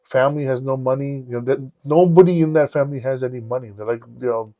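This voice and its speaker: A man on a podcast telling personal stories in a candid, profane, animated way. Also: medium pitch, fast talker, dry recording, highs cut off. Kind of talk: casual storytelling chat.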